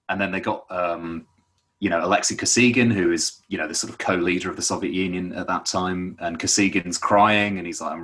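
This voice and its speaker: A man's voice: sits low, fairly even intonation, fairly quick, bright, forceful tone. A man explaining a topic in casual conversation, rambling with lots of fillers and restarts.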